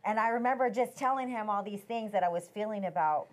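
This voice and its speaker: A woman sharing a faith-based marriage story in conversation, animated and acting out the quoted voices. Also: mid-range voice, quick pace.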